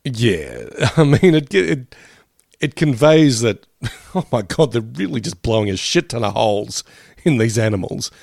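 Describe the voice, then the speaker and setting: Chuckling man with a gravelly voice. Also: mid-range voice, sing-song, a little slow, darkish tone, no room sound, clean studio sound. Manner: laughing often, chatty, swearing. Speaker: podcast co-host. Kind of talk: casual chat.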